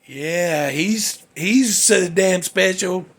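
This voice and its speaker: A man's voice: high voice, drawn-out words, a bit bright, breathy edge. A man hosting a show, telling a workplace story in a folksy, salty, worked-up way. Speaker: host. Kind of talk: casual storytelling monologue.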